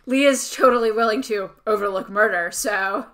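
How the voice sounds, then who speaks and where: A woman co-hosting a casual book podcast, sarcastic and quick to laugh. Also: medium pitch, fairly bright tone. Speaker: podcast co-host. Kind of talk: casual book-discussion chat.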